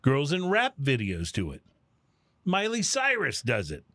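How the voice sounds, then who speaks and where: A man's voice: mid-range voice, wildly swooping pitch, unhurried, a bit bright, dry recording, clean studio sound. A man hosting a casual podcast chat, playful and a bit hammy when he announces segments. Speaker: podcast host. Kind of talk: casual chat while tasting whiskey.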